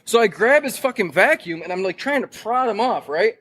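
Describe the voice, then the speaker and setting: A young Detroit, Michigan man appears as a podcast guest, spinning a wild tale in loose, profane speech and getting loud whenever he acts out the shouting. His voice is high and slightly quick, and the rough recording carries a bit of background noise.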